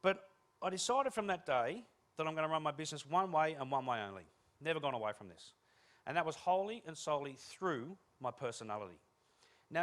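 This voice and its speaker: A middle-aged Australian man giving a comic motivational keynote talk to a room, telling stories with jokes. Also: fairly high pitch. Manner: animated, joking storyteller. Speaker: keynote speaker. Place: room with a live audience.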